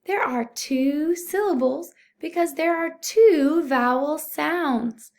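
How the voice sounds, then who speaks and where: A young woman teacher giving a recorded phonics lesson to young children, speaking slowly and clearly, patient and encouraging. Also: high voice, darkish tone. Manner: slow, clear, patient teaching voice, addressing "boys and girls". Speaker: first-grade teacher.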